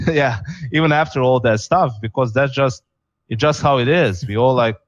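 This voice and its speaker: A man's voice: medium pitch, normal speed, no echo, dull audio. A man on a podcast talking earnestly and from the heart, with lots of fillers. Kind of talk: casual podcast chat.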